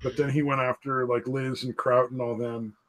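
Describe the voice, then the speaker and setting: A man's voice: medium pitch, level tone, moderate pace, fairly bright tone, poor audio. A man hosting a casual podcast, rambling and hedging with "I mean" and "like," swearing freely. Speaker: podcast host. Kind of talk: casual profane chat.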